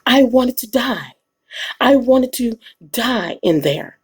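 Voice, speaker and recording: A woman voicing a despairing female survivor who wanted to die, with a slow, dramatic, anguished delivery. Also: on the high side, lively intonation, slightly rough, full character voice. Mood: despairing, bitter.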